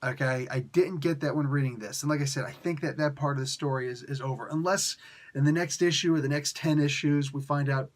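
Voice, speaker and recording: A man's voice: a little high, steady tone, brisk. Ranting, sarcastic male comic reviewer. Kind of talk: casual spoken review.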